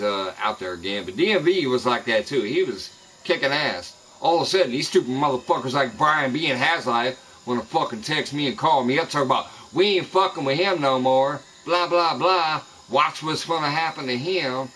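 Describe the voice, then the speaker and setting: The man's voice is medium-pitched with a sharp edge, heard through poor audio that has a little hiss or hum. Live streaming from his Midwestern home, he swears heavily and rages at people he claims spread lies about him.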